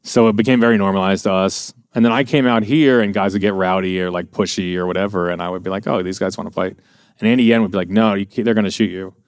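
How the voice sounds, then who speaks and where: A man's voice: deep voice, fairly even intonation, fast talker, clean tone, no room sound, studio quality. A middle-aged American man telling profane, rambling anecdotes in a casual podcast chat. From USA. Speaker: podcast guest. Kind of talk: casual storytelling.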